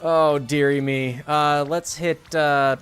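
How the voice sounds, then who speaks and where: A man's voice: on the high side, steady tone, slow pace, a bit bright, smooth, faint music behind. A man streaming a game, chatting casually and animatedly, laughing often and swearing now and then. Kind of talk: casual gameplay commentary.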